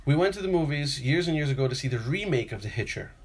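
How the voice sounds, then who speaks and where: A man's voice: medium pitch, lively intonation, fast, breathy edge. New man, podcast co-host, rambling storyteller who acts out his quotes. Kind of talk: casual chat.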